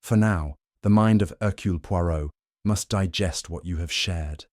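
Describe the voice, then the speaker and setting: A man voicing a fussy elderly Belgian detective, speaking softly and precisely. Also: deep voice, normal speed, no echo, clean studio sound, lightly acted. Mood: courtly. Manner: soft, courtly, precise.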